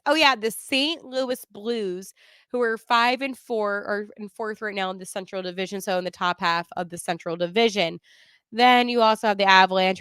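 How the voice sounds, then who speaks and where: A woman hosts a sports podcast in a relaxed, chatty way, quick to share strong opinions and laugh. Her voice is smooth and clear at a middle pitch, and the recording sounds dry and close. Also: no room sound. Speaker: podcast host. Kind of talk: casual sports podcast talk.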